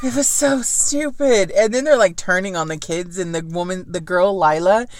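A woman's voice: lowish voice, normal speed, no echo. A woman in casual chat about a book, swearing often and acting out quotes with laughter.

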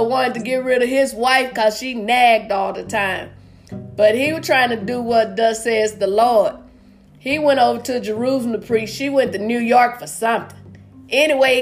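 Woman, high voice, folksy stand-up storyteller, video call. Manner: folksy storyteller, acts out characters' lines. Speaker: stand-up comedian. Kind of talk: stand-up joke telling. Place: home, virtual comedy show.

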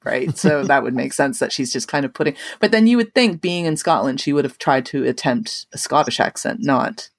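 A woman's voice: extremely low pitch, expressive, moderate pace, few pauses, dry recording. Casual woman host, talkative, filler-heavy, dry mic. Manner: chatty, lots of "like" fillers. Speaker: podcast host. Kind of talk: casual chat.

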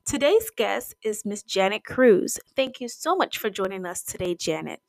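Female podcast host with a mid-range voice and a dry sound. Soft-spoken and welcoming intro. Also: medium pitch, lively intonation, moderate pace, no echo.

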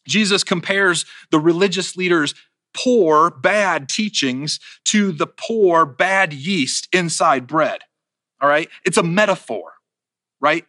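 Guy preaching a sermon, chatty, asks if you're with him, bright slightly high voice, dry close sound. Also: slow, dry recording. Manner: conversational, checks in with listeners.

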